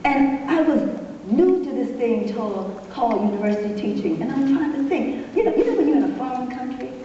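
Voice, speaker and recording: A woman's voice: high-pitched, lively intonation, brisk, warm tone. An older woman from New York, a poet telling stories on stage to a live audience in a rhythmic, repeating way, laughing often. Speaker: poet and speaker. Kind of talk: storytelling on stage. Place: arts center hall, live audience. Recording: distant echoey hall, dull and noisy.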